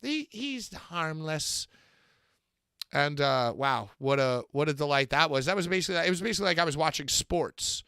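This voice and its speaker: A man co-hosting a casual podcast, joking loudly and swearing freely. His voice is bright and gravelly, with a fairly high pitch. The sound is dry and close. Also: steady tone, fast talker, hardly any pauses, no room sound. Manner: loud, joking, profane banter. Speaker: podcast co-host. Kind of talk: casual chat.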